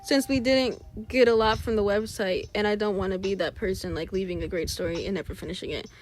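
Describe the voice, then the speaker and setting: A young woman chatting casually while she draws, rambling and talking to herself as she works, now and then mimicking her characters in a higher voice. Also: steady tone, brisk, soft background music. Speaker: artist streaming a drawing session. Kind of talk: casual chat while drawing.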